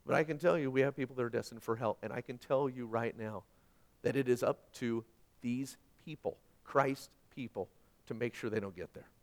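A middle-aged pastor preaches a sermon in a mid-range voice at a moderate pace. He's emphatic and repetitive, swinging between loud and quiet.

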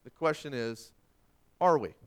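A male pastor preaching a sermon, quoting scripture and swinging from forceful emphasis to hushed tones. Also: medium pitch, a little slow, clean tone.

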